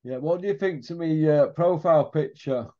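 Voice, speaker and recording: A man co-hosting a podcast, firing off quick questions and laughing at his own jokes. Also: on the high side. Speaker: podcast co-host. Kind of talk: casual chat about boxing. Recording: dull lo-fi line.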